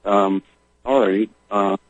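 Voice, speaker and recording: A man's voice: fairly low pitch, fairly even intonation, slow pace, dry recording. A man calling in to a radio show, talking in a rambling, hesitant way with many fillers. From Philadelphia. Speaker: regular caller. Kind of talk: phone-in conversation. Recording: dull phone line on radio.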